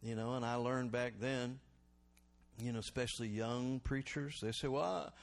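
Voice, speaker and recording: A man preaching a sermon as pastor, calling for responses from the congregation and swinging between loud exhortation and quiet reflection. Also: mid-range voice, steady tone, moderate pace, vocal fry.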